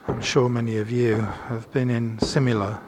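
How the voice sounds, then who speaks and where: A man's voice: medium pitch, flat delivery, normal speed, background noise. Slightly breathless man narrating while walking. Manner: describes surroundings step by step while walking. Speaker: art critic, host. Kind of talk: walking audio tour narration. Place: indoor gallery corridor.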